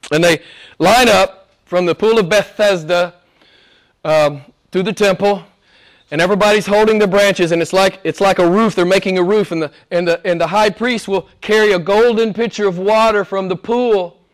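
A man preaching a sermon as pastor, moving between hushed, almost whispered lines and loud, emphatic passages. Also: high voice, steady tone, normal speed.

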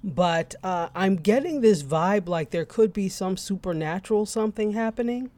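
A woman's voice: mid-range voice, expressive, normal speed, dark tone, dry recording. Playful teasing female co-host. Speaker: TV review podcast co-host. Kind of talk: casual chat.

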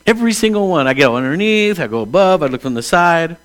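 A man in his sixties, a pastor, preaching a conversational sermon that moves between hushed asides and emphatic calls. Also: fairly high pitch, expressive, fast talker. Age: 60s.

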